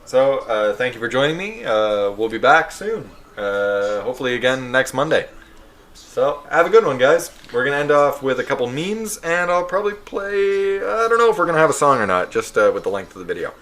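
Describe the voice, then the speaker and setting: A man's voice: mid-range voice, sing-song, fairly quick, a bit bright. A man with a Canadian accent hosting a casual podcast, laid-back and joking. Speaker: podcast host. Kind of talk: casual chat.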